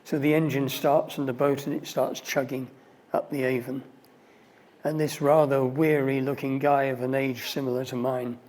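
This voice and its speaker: An older man speaking as a mentor and relaxed, conversational storyteller. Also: medium pitch. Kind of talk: storytelling talk.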